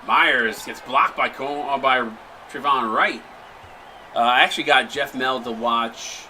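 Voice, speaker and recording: A man hosting a live stream, mixing casual chat with excited play-by-play calls. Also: mid-range voice, measured pace, a little hiss or hum, low-quality recording. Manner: chatty, jokey, breaks into excited shot calls. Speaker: play-by-play commentator and stream host.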